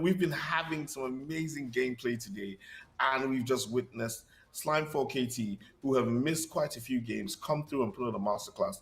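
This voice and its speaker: A man casting an esports league broadcast, energetic and upbeat, reading out standings and laughing easily between lines. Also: mid-range voice, normal speed. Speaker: esports caster.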